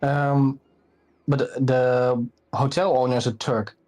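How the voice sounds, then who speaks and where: A man's voice: medium pitch, little pitch movement, takes it slowly, a little mellow. A man from the Netherlands with a Dutch accent, telling a rambling anecdote on a live stream in casual chat.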